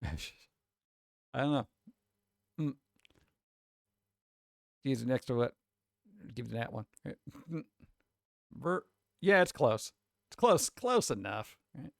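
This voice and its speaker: A man's voice: mid-range voice, very animated, takes it slowly, creaky, pauses often, no echo, studio quality. A man chatting casually on a live stream, rambling and swearing as he reacts to posts, with frequent restarts. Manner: loose, profane, rambling with restarts.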